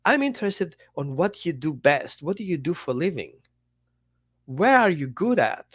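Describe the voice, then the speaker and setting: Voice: mid-range voice, sing-song, normal speed, husky. A dog trainer talking bluntly on a podcast, acting out little dialogues. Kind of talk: podcast monologue.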